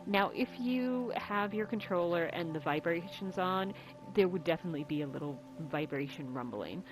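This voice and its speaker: A woman's voice: on the low side, expressive, moderate pace, poor audio. A woman hosting a game walkthrough in casual, chatty commentary over game music. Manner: chatty, rambling. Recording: game music playing behind.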